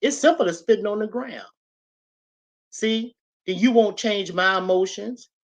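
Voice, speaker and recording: A woman's voice: mid-range voice, measured pace. A woman hosting a livestream, giving a casual, preachy motivational talk, emphatic and repetitive as she addresses her viewers directly. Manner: emphatic and repetitive, talks straight to the audience.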